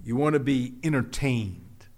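A man's voice: medium pitch, animated, a little slow, a little mellow. A man preaching a sermon, explaining scripture verse by verse with emphatic repetition and dramatic drops in volume. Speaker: pastor.

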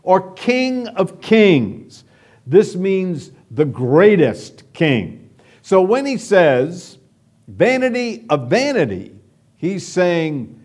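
Slow, lively-voiced male preacher. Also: a little high. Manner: dramatic, rhetorical questions, emphatic. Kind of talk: expository sermon.

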